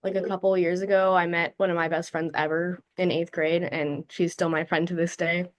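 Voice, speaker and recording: A woman's voice: fairly low pitch, level tone, normal speed. A teenage girl on a speech team chatting with many "like" fillers. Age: teens.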